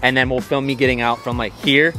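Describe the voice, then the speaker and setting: A man's voice: mid-range voice, fairly even intonation, fast talker, sharp tone, soft background music. A man hosting a vlog, chatting casually and eagerly explaining how a scene should go, recorded in a car in the city. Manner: upbeat, directs and explains eagerly. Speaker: vlog host. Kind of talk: casual planning chat.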